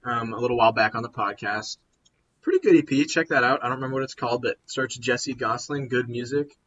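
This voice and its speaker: A young man with a bright, sharp-edged voice rambles through a casual chat, stopping and restarting his thoughts. He sounds worn out. The recording is muffled and lo-fi. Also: mid-range voice, fast, slight background noise. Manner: rambling, self-interrupting. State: tired. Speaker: podcast co-host. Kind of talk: casual chat about music.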